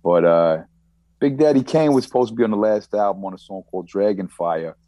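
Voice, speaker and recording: Long Island rapper, very low voice, dry close sound, easygoing and rambling. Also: male voice, brisk, mellow, dry recording. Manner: laid-back, rambling with many restarts. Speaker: rapper guest. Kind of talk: casual interview chat.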